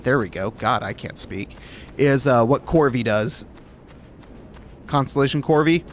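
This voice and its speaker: A man's voice: mid-range voice, unhurried, pauses often, slight background noise. A man from Alabama chatting casually with his stream viewers, rambling and correcting himself as he goes. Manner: rambling and self-correcting, light chuckles.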